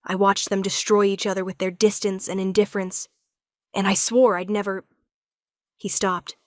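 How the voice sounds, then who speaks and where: A woman giving a scripted first-person narration of a romance story in a steady, even way. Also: medium pitch, moderate pace, no room sound, clean studio sound.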